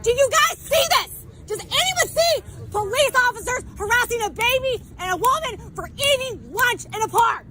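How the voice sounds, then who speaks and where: A woman shouting angrily and swearing at someone while filming herself outdoors in a public park, her voice going sore. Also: very high-pitched, lively intonation, moderate pace, a little hiss or hum. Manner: shouting, angry, profane. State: voice getting sore. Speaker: protester filming a livestream. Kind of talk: heated livestreamed confrontation.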